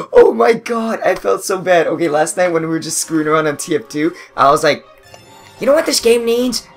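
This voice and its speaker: Guy rambling thru a game story, laughing a lot, pitch all over, game music behind. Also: lively intonation, a little fast. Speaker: gaming channel co-host. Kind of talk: casual gameplay commentary.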